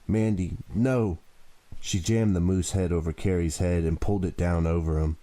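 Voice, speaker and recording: A man with a very deep voice narrating a thriller audiobook in a steady, dramatic way. The recording is close and dry, with no room sound. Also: fairly quick, dry recording. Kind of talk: audiobook reading.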